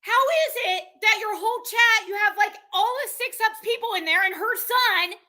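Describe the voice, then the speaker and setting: A woman live streamer ranting in a heated, exasperated way, swearing and firing off quick outbursts. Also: very high-pitched, pushed and bright. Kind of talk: heated livestream rant.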